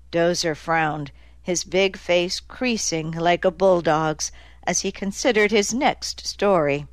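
A woman narrating a crime novel aloud in a steady, even storytelling manner. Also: lowish voice, slow pace, no echo. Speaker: audiobook narrator. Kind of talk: scripted narration.

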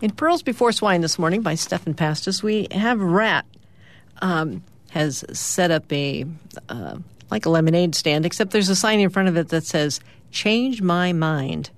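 A middle-aged woman, a radio host, describing the morning's comic strips aloud in a lively storytelling way. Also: fairly low pitch, a little slow. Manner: lively storytelling, lifting her voice for characters' lines.

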